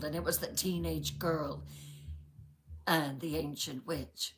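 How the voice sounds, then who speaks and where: A woman narrating a horror story in a slow, dramatic scripted style. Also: sits low, fairly even intonation, rough recording.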